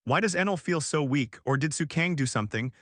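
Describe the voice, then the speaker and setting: A male text-to-speech voice narrating a fantasy novel audiobook with a flat, even delivery. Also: fairly high pitch, fairly quick, no room sound, clean studio sound. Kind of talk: machine-read novel narration.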